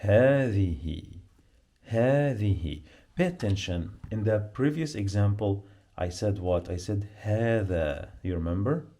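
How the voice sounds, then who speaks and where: A man with an Arabic accent teaching a beginner lesson, speaking slowly and repeating each word to drill pronunciation. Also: fairly low pitch, lively intonation, dark tone. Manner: slow, repetitive, drills pronunciation.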